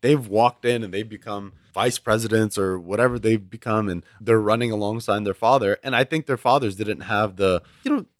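Twenty-something guy rambling through old family stories on a podcast, kinda low voice, dry close mic. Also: a little fast, few pauses, no echo. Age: 20s. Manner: rambling storyteller with frequent restarts. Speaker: podcast guest. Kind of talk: casual chat.

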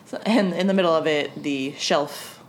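A woman with a fairly low voice co-hosting a casual podcast. She laughs often and jumps in with quick remarks. A faint hum runs under the recording. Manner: chatty, laughs often, quick agreeing interjections. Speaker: podcast co-host. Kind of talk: casual TV episode recap chat.

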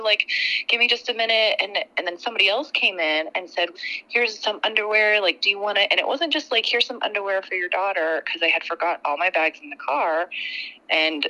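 Bright-voiced woman telling a story by phone. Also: medium pitch, brisk, rough recording. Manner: animated and laughing as she tells it. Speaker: customer guest.

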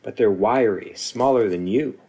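A man reading as a gentle, gravelly loner guide. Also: lowish voice, unhurried. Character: weathered solitary man guiding children, dry humor.

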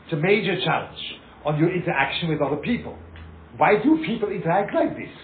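Emphatic rabbi, echoey lo-fi room. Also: male voice, fairly high pitch, expressive, fast talker. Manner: emphatic, repeats himself, acts out little scenes. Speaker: rabbi teaching a class. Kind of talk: animated informal Torah talk. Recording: echoey, tinny lo-fi room recording with hiss.

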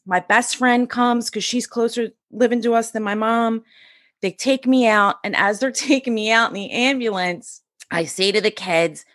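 High-strung, sassy woman telling a story. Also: steady tone, moderate pace, fairly bright tone, no room sound, studio quality. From US East Coast. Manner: acts out quoted lines with big jumps in pitch. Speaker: podcast guest. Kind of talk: personal storytelling.

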